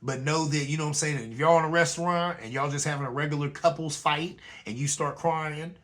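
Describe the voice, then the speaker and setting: A male host talks in a relaxed, conversational monologue, checking in with listeners again and again. His voice sits a little higher than most men's. He sounds like he is recording at home into a camera mic. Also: fairly quick. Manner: conversational, repeats "you know what I'm saying". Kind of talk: casual commentary monologue.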